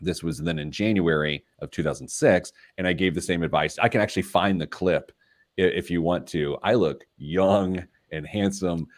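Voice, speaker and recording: This man's voice sits low and moves at a moderate pace as he hosts a radio talk show. A financial planner, he tells casual stories poking fun at himself and laughs along.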